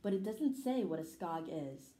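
A woman's voice: lowish voice, lively intonation, normal speed, mellow, lightly acted. A woman reading a storybook aloud, voicing a bookish male mouse in a matter-of-fact tone, in an echoey room. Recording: roomy echo.

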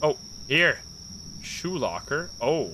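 High-voiced man streaming a game. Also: sing-song, slow pace, sharp tone, a little hiss or hum. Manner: thinks aloud, reacting to the game as he plays. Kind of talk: live gameplay commentary.

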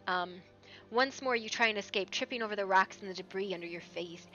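Bright-voiced woman narrating as game master. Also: medium pitch, brisk, muffled recording, soft background music. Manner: hushed, hesitant narration with frequent ums. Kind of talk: reading out a horror tabletop scene on stream.

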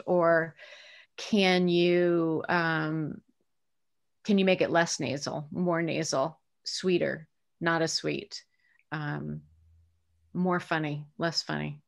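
A middle-aged American woman with a slightly low voice talks through her career in a relaxed interview. She is chatty and reflective, pausing on "um" and "uh" and restarting her sentences as she thinks. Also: gravelly. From United States. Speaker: voice actress, interview guest. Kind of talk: casual interview answers.

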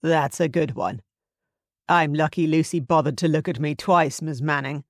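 A relaxed, friendly young man with a low, even tone, as a woman narrator voices him. The audiobook voice is close and dry. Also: moderate pace, dry recording. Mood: amused. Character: easygoing young man, dive instructor. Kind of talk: audiobook character voice.

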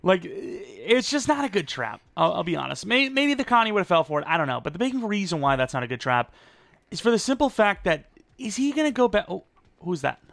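A young man giving rambling, self-deprecating live commentary over a video game, with sudden excited outbursts. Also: high-pitched, a little fast, vocal fry, no room sound. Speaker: gaming YouTuber.

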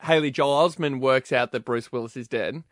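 A man's voice: medium pitch, normal speed, no echo. A man on a radio show amusedly correcting the host's story. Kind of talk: radio banter.

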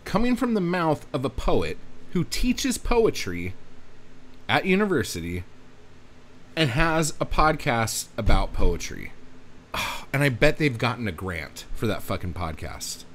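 A man's voice: mid-range voice, sing-song, a little slow, fairly bright tone, a little hiss or hum. A man hosting a podcast, ranting casually with lots of swearing and self-mocking asides. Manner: profane, emphatic, self-mocking. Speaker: podcast host.

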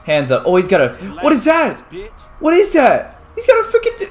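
A young man narrating his gameplay as a YouTuber, excitable, dropping from quiet mutters to sudden yelps. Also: extremely high pitch, fairly quick. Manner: excitable, swings from muttering to yelping. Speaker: gaming YouTuber. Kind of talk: game commentary.

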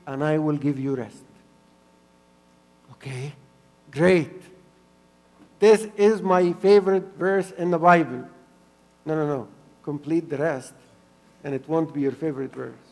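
High-pitched man giving an earnest church sermon with lots of repetition, in a hall with a long reverb. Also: measured pace, vocal fry, pauses often. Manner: earnest, repeats phrases for emphasis, swings between soft and loud. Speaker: pastor.

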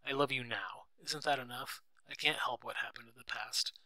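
A man's voice: medium pitch, steady tone, normal speed, creaky, sharp tone, no room sound. A man reading the part of an upset, unsure young wife who pleads and hesitates. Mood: pleading.

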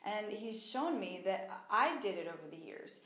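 A woman teaching the Bible in a conversational sermon, animated and fond of acting out what people say. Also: mid-range voice, moderate pace. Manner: animated, acts out quoted voices. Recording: echoey room.

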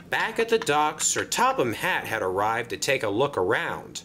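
A man narrating a homemade toy-train story in an expressive storybook manner. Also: medium pitch, normal speed, hardly any pauses, slightly rough.

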